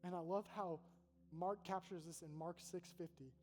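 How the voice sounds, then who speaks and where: A man's voice: high-pitched, steady tone, normal speed, darkish tone. A man, a college pastor, preaching a sermon in a large hall with an earnest, conversational manner and repeated phrases. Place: large hall with an audience in Oxford. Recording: echoey hall with faint hum.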